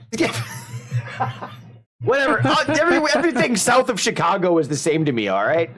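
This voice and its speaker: A streaming host from the Upper Midwest talks casually and rambles through his stories with jokes. His voice sits a bit high for a man and swoops lively up and down. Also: a little fast, long pauses, breathy edge. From Upper Midwest United States. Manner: rambling storyteller, animated and joking. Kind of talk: casual chat.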